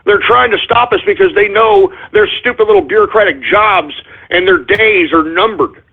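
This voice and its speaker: A middle-aged man hosting his own call-in radio show, ranting loudly and emphatically, swearing and hurling insults. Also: high voice, moderate pace, gravelly, slightly rough. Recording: tinny phone-line quality.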